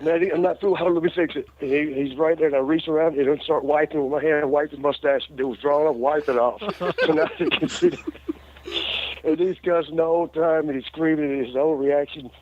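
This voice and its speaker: A man's voice: fairly high pitch, fairly even intonation, brisk. A middle-aged man, an interview guest telling a long story in a rambling, laughing way, full of fillers and restarts. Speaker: interview guest, former wrestler. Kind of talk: casual storytelling. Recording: lo-fi radio show audio.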